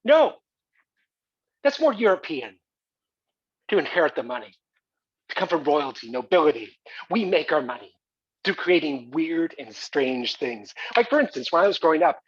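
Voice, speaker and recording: American guy doing a jokey stage monologue, high husky voice, kinda dull dry sound. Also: normal speed. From United States. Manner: animated, joking storyteller. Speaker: solo stage performer. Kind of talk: theatrical comic monologue.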